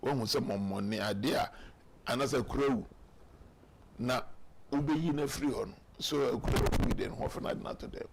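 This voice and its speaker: A man's voice: medium pitch, normal speed, slight background noise. A man with a Ghanaian accent, talking emphatically in a political talk show discussion. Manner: emphatic, mixing Twi and English, acts out quotes.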